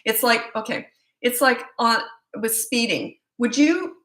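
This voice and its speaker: A woman's voice: fairly high pitch, a bit bright, reverberant, low-quality recording. A middle-aged woman, a parenting coach, answering viewer questions on a live stream in a blunt, opinionated way. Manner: blunt and opinionated, quick asides.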